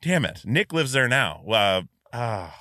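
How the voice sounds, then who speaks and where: A man hosting a podcast, chatting and telling stories in an animated way with many fillers. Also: medium pitch, measured pace, dry recording, clean studio sound. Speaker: podcast host. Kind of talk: casual chat.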